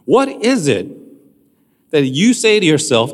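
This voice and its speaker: A man's voice: a little high, big pitch swings, takes it slowly, pauses often, big-room sound. A man preaching a sermon as a pastor, in a conversational way, often asking his listeners questions.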